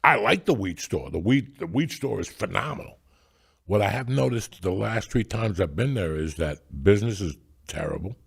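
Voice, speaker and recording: Older man in his sixties, husky and gravelly, profane rambling host storyteller. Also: on the low side, animated, normal speed. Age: 60s. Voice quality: gravelly, raspy. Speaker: podcast host. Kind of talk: casual storytelling chat.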